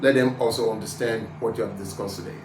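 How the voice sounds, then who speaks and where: A man's voice: fairly low pitch, steady tone, fast, echoey room, background noise. Nigerian man teaching pronunciation drills. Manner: drills sounds by repeating words and spelling letters. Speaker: IELTS speaking tutor.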